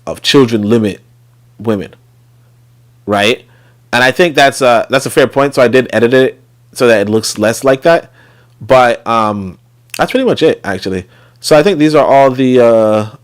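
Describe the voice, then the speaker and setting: A man hosting a casual commentary stream, rambling with many fillers and trailing off. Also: medium pitch. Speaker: host.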